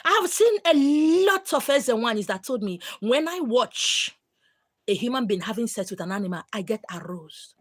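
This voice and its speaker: A Nigerian woman speaks to her live-stream viewers in a frank, storytelling way. Her voice sits somewhat high and moves a lot in pitch. She slips into pidgin and acts out what others said. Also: normal speed. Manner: animated, mixing in pidgin, acting out quotes.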